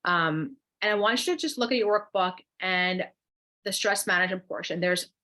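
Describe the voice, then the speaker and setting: A woman's voice: lowish voice, moderate pace, pushed and bright. Chatty coach woman with New Jersey accent. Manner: chatty, encouraging, guides breathing exercises. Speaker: wellness coach co-hosting a workshop. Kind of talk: live webinar, reading chat replies.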